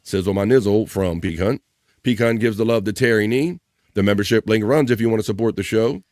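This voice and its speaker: A man's voice: on the low side, a little fast, dry recording, studio quality. Jokey man hosting a live stream. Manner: playful, jokey, shouting out viewers by name. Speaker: live-stream show host. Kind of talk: casual live-stream chat, reading viewer comments.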